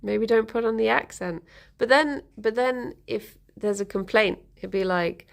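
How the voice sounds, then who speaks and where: A young woman streamer chats and giggles with her viewers in an unhurried way. Her voice has a gravelly, fry-tinged edge. She answers comments one after another. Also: a little high. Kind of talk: casual live-stream chat.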